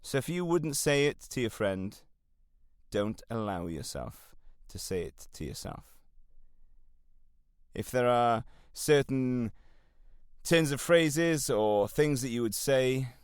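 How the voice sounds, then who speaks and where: A man's voice: mid-range voice, expressive, slow, clear, resonant tone, dry recording, clean studio sound. A man with a Welsh accent hosting a solo self-help podcast, talking to listeners in an earnest, encouraging coaching way. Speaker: podcast host.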